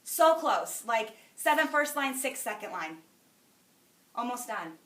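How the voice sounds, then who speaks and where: A middle-aged woman gives a chatty, preachy motivational talk to a crowd in a large room. Her voice sits a little high and sounds bright and forceful. She is heard from some distance, and the hall adds plenty of echo. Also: animated, unhurried. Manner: emphatic, chatty, preachy, laughs between lines. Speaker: sales director speaking to a group. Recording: echoey hall, speaker far from mic.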